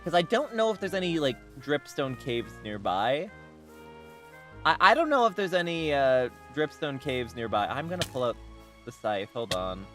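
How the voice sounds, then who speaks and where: A man's voice: medium pitch, big pitch swings, normal speed, fairly bright tone, faint music behind. A man chatting casually while streaming a game, rambling with many restarts and bursts of laughter. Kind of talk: casual game livestream chat.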